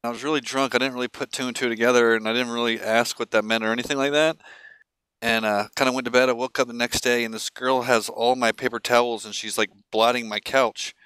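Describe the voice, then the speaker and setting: A man in his twenties telling a crude, animated story to friends in a laid-back way. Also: mid-range voice, fast, smooth, no room sound. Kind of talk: casual storytelling among friends.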